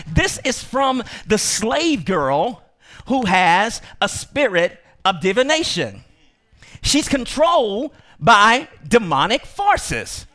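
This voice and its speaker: A man preaching a sermon to his congregation. He speaks emphatically, repeats himself, and rises into shouts. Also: sits high, big pitch swings, slow pace. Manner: emphatic, repetitive, bursts into shouting; addresses congregation directly. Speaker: pastor.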